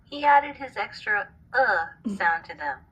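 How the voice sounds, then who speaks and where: Expressive woman teacher reading a story. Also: mid-range voice, measured pace, dull audio, slight background noise. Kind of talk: reading a storybook aloud to a class.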